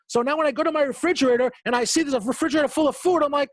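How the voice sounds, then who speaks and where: Guy doing a motivational webinar, super animated, dry close sound, hammers words over and over. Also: racing, hardly any pauses, no room sound. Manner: animated storytelling, acting out quotes with big pitch jumps; repeats words for emphasis. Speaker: motivational speaker.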